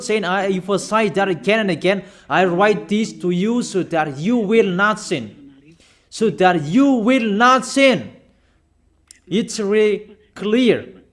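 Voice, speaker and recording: Emphatic high-voiced male preacher. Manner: emphatic, repetitive, hammering questions at listeners; non-native phrasing, halting with fillers. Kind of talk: sermon.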